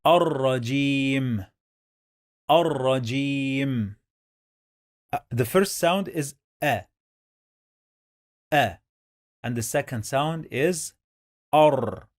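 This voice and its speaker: A male teacher walks learners through Quran reading very slowly. He is patient and sounds out each syllable again and again, breaking words into their parts. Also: on the high side, expressive, no room sound, clean studio sound. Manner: patient, repeats each syllable several times. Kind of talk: slow step-by-step lesson.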